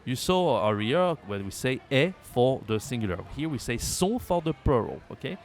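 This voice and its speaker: A man's voice: medium pitch, big pitch swings. Patient man. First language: French. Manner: patient, repeats words slowly for learners. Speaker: French teacher. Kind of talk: language lesson.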